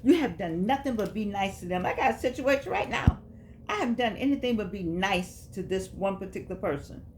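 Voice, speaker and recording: A woman's voice: medium pitch, lively intonation, a little fast, noisy background. Chatty woman reading aloud and riffing. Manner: reads passages aloud, then riffs on them conversationally; grows quiet and subdued. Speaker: vlogger reading and commenting on a book. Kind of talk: casual reading and commentary.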